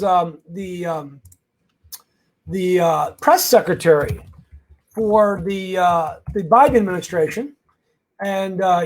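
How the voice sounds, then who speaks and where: With a strikingly high-pitched male voice, an immigration lawyer fields questions on a livestream. He greets people by name, chats energetically, and punches his legal points emphatically, crowd-rally style.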